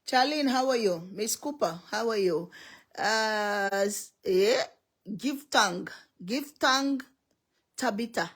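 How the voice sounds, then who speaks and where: A woman's voice: fairly high pitch, expressive, takes it slowly, breathy edge. A middle-aged woman hosting a casual livestream from home, greeting viewers by name and laughing often. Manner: laughs often, calls out viewer names one by one.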